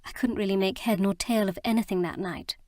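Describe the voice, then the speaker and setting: A woman voicing an earnest, emotional young bride in an audiobook, speaking in a halting, heartfelt way. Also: medium pitch, fairly even intonation, a little mellow, natural voice. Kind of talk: audiobook character reading.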